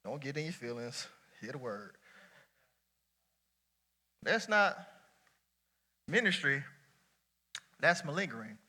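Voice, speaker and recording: A man preaching a sermon to a church congregation, talking casually, shouting at some points and dropping low at others. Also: takes it slowly, pauses often. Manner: lively colloquial preaching, swinging between shouts and near-quiet asides. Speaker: pastor.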